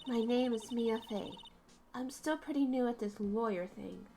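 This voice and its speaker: A woman's voice: on the high side, moderate pace, vocal fry, dark tone, slight background noise. A woman voicing a nervous young rookie lawyer who talks in a flustered, defensive way. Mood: determined.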